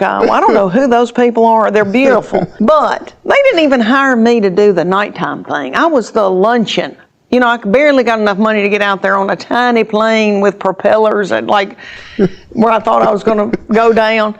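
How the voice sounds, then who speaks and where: A woman, a stand-up comedian telling stories in an interview in a chatty, rambling way full of restarts. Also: a little high. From Tennessee, USA. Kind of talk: interview storytelling.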